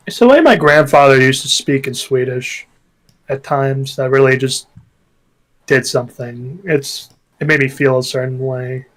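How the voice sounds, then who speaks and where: A man's voice: mid-range voice, a little slow, a bit bright, low-quality recording. Reflective man, guest in a chat. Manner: reflective, searching for words. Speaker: guest author. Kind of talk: casual chat.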